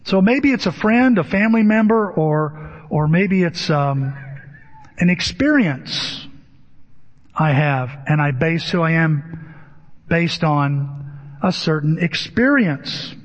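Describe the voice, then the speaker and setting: A man's voice: fairly high pitch, lively intonation, takes it slowly, long pauses. A male pastor preaching a sermon in a conversational way, often asking the audience questions. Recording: dull echoey hall sound.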